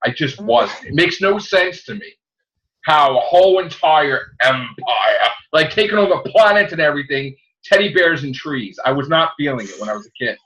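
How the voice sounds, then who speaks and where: A man hosting a casual podcast chat, ranting with shouted mock outrage. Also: fairly high pitch, expressive, normal speed, lo-fi sound. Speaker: podcast host.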